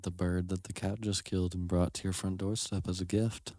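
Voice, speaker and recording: A man's voice: low-pitched, flat delivery, brisk, mellow, dry recording, clean studio sound. A young man co-hosting a podcast, laid-back and goofy in casual banter. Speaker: podcast co-host.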